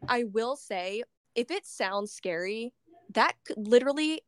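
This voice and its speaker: A woman's voice: on the high side, animated, unhurried, no echo, clean studio sound. A woman hosting a podcast interview, chatty and emotional, laughing often as she shares her story. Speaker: podcast host. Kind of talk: casual interview chat.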